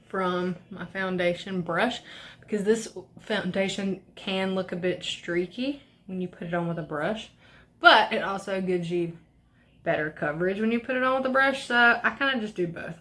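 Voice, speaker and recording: Young woman beauty vlogger, cussing and ranting, rambly makeup chat, mid pitch. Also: a bit bright. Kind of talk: casual makeup tutorial chat.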